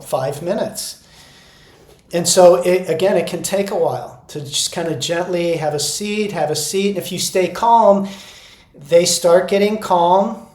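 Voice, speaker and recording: A man who coaches teachers, explaining classroom steps in a calm, unhurried way and repeating key words. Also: fairly high pitch. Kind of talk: instructional talk to teachers. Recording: echoey room.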